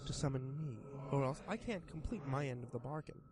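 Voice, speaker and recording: A man voicing a sly, sharp-toothed pastel monster that bargains in a slow, drawn-out, purring manner in a read horror story. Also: medium pitch, expressive, background noise, natural voice. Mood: sly coaxing. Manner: bargaining, coaxing, then cold and threatening.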